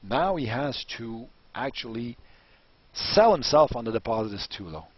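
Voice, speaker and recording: A husky-voiced man teaching negotiation, his pitch rising and falling freely as he acts out little exchanges. The sound is dull and lo-fi. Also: moderate pace, no echo. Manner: animated, acts out dialogues. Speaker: business coach. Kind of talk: coaching lesson on negotiation. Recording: dull lo-fi recording.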